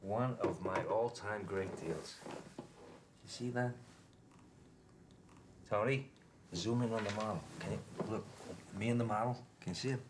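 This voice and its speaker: A man's voice: lowish voice, unhurried, pauses often, noisy background, lightly acted. An actor playing a boastful, crude male tycoon with a New York accent who talks bossily and brags about himself. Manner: boastful, bossy, crude asides.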